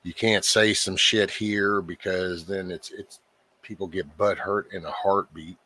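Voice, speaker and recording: Man, middle-aged, livestream host, rambling casual chat, swears a lot, deep voice, husky. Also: fairly even intonation, pushed and bright. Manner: rambling, profane, halting restarts.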